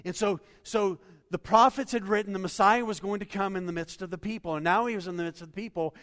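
Man, pastor preaching, fairly high voice, animated, long church reverb. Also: fast talker. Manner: animated preaching with acted-out quotes, shifting loud and soft. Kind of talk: sermon. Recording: hall reverb.

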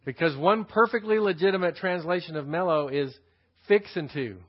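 On a dull lo-fi sermon recording, a Texan-accented male pastor from Texas teaches a Bible passage in a brisk, high-sitting voice. He unpacks the Greek words and keeps repeating his key phrases.

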